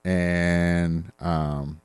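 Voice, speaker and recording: A man co-hosting a podcast, reading listener reviews aloud in a laid-back, halting way with fillers. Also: low voice, little pitch movement, a little mellow, clean tone, dry recording. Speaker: podcast co-host.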